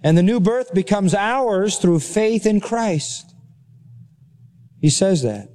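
Male preacher, slightly high mellow voice, emphatic sermon delivery. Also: unhurried. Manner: emphatic preaching, repeats phrases for stress. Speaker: pastor. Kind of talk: expository sermon.

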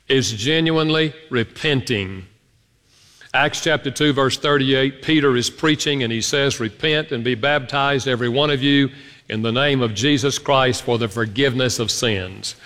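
Animated preacher in a reverberant hall. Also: male voice, mid-range voice, moderate pace. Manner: animated storytelling preacher, leads congregation. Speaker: pastor. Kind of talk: sermon.

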